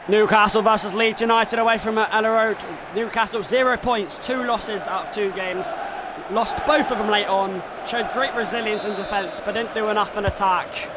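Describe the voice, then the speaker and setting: A man with a high voice narrates his football video game in the manner of a TV commentator, breaking into shouts when goals go in. His stream carries a steady hiss of background noise. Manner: bursts into shouted excitement at goals. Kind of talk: live gameplay commentary in broadcaster style.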